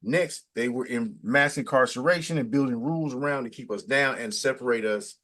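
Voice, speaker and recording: A middle-aged man interviewing in casual chat, talking in a preachy, emphatic way, his pitch jumping up to stress a point. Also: brisk, fairly bright tone.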